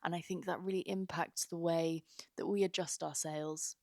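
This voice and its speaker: A woman's voice: lowish voice, steady tone, moderate pace, creaky, a little mellow, no room sound, clean studio sound. A young woman hosting her own podcast, talking earnestly and rambling with lots of fillers. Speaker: podcast host. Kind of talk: casual heartfelt podcast monologue.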